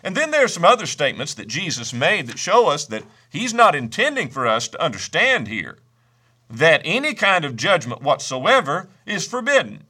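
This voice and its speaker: Male preacher, high bright voice, animated, emphatic sermon delivery. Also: slightly rough. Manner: emphatic, slows to stress scripture; reads scripture in old-fashioned wording.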